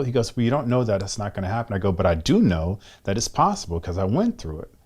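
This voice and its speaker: A man's voice: lowish voice, very animated, fast, a little mellow, breathy edge. A middle-aged man from the United States, a guest in an interview, candidly telling a personal story and acting out both sides of remembered conversations.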